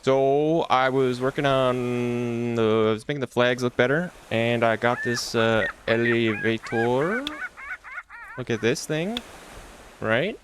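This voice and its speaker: A man's voice: medium pitch, takes it slowly, a bit bright, a little hiss or hum. A man streaming his indie game development, chatting to viewers in a hyped-up, rambling way. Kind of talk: casual livestream chat.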